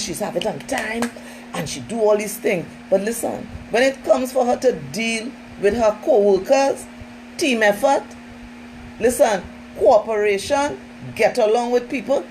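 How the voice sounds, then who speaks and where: A woman trainer speaks to her listeners in an emphatic, conversational way. Her voice sits at an ordinary middle pitch. She keeps turning to them directly, with a faint hum behind her. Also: a little mellow, rough recording. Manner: emphatic, conversational, often says "listen" and "you know". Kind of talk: informal training talk.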